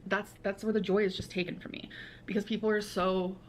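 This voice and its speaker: A woman's voice: mid-range voice, little pitch movement, slight background noise. A woman talking earnestly in a confessional vlog, dragging out her words. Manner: earnest, slow, drawn-out words. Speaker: video blogger.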